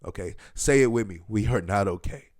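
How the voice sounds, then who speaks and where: A man hosting a solo podcast, talking loosely and emphatically, with many fillers and sudden bursts of excitement. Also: fairly low pitch, fairly quick, dry recording, clean studio sound. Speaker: podcast host.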